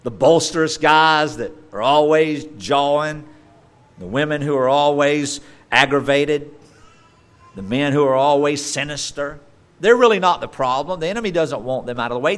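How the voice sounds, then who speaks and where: A middle-aged pastor preaches with a slightly high male voice. He leans hard on repeated phrases, then lets his voice fall into soft, chatty asides. The delivery rises and falls like a sermon from the pulpit. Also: moderate pace. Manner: preaching with swings from loud emphatic stresses to quiet asides.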